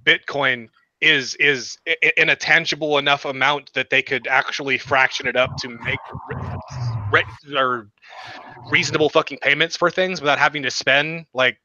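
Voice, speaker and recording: A man's voice: a little high, fairly even intonation, normal speed, bright, forceful tone, no echo, lo-fi sound. A man co-hosting a casual podcast, joking and stammering through his points with plenty of swearing. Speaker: podcast co-host.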